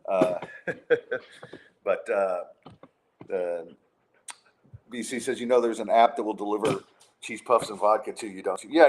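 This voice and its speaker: A middle-aged man hosting a podcast, chatting casually and ranting with sarcasm and frequent restarts. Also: medium pitch. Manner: exasperated, sarcastic, many restarts. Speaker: podcast host.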